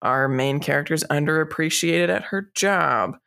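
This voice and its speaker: A woman's voice: sits low, moderate pace, vocal fry, fairly bright tone. Chatty woman running through a list. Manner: chatty, runs through lists with light swearing. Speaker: podcast co-host. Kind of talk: casual chat.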